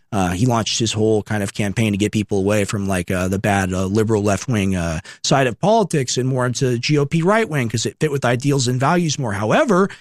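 In a clean studio recording with no echo, a young man in his twenties hosts a radio show. His medium-pitched voice carries a political commentary monologue full of emphatic, repeated rhetorical questions.

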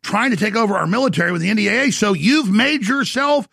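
A middle-aged man with a gravelly voice hosting a talk show, delivering an intense, boastful monologue. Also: high-pitched, fast, a bit bright, no echo, studio quality. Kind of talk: ranting monologue.

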